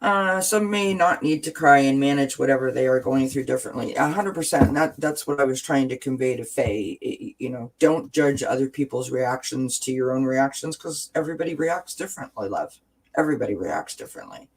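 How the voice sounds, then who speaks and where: A woman's voice: rumbling low, fairly quick. A woman hosting a casual livestream, reading viewer comments and talking through self-help ideas with frequent restarts and tag questions.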